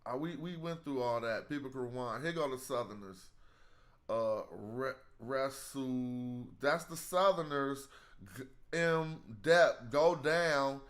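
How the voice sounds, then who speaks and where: A man's voice: medium pitch, unhurried, a bit bright. A man hosting a casual live study stream, thinking aloud in slang as he works through hieroglyphs.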